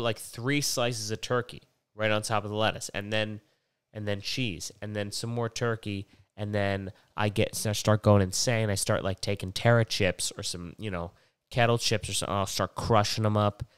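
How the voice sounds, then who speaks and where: A man's voice: on the low side, a bit bright, smooth, no room sound, clean studio sound. A young man hosting a podcast while sick with a stuffy, nasal voice, rambling casually and swearing often. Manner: rambling, profane, digressive. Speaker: podcast host.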